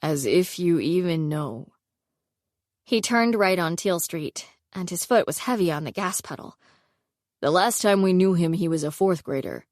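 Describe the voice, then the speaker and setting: A young adult woman reads a first-person romance audiobook with expressive storytelling. Her voice sits fairly low. The sound is dry and close to the mic. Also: normal speed, no echo. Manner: expressive storytelling, voicing characters. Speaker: audiobook narrator.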